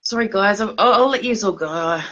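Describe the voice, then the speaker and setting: Lo-fi audio captures a woman of medium pitch with a bright, forceful tone and a fairly quick delivery. Tipsy and slurring, she rambles in an Australian accent on a livestream, loose and repetitive, laughing in the middle of sentences.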